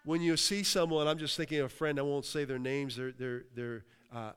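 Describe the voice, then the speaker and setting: A man's voice: a little high, steady tone, fairly quick, a bit bright, clear, resonant tone. A man from Western Pennsylvania preaching a sermon, breaking in with cries of hallelujah and checking in with the congregation. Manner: exclaims hallelujah, asks the crowd. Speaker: pastor. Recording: long hall reverb.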